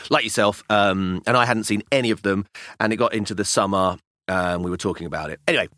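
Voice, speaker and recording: A British man in his thirties or forties co-hosting a casual podcast about fatherhood, telling animated stories about his young daughters. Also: on the low side, fast talker, dry recording, studio quality. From United Kingdom. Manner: animated storytelling, acting out kids' voices. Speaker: podcast co-host. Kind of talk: casual chat.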